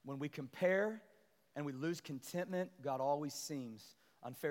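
A male pastor preaching a sermon to his church, animated and building to loud, emphatic peaks as he calls out to the congregation. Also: on the high side, unhurried. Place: large church sanctuary. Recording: long church hall reverb.

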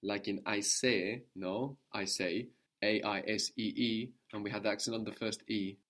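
A man's voice: on the low side, steady tone, fairly quick, a bit bright. Patient man teaching a language lesson. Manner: patient, prompts and corrects, often ends with "no?". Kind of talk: guided spoken language lesson.

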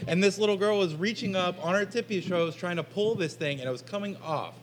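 A man with a slightly raised pitch answers back with crude humor, defensive but playful as he tells his side. He speaks in an everyday chatty tone. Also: a little fast, crowd noise. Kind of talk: casual chat.

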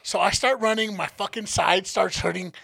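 Male podcast co-host, profane animated storyteller, gravelly bright voice. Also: high voice, moderate pace, no echo. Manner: profane, animated storyteller acting out family members. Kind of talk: casual storytelling.

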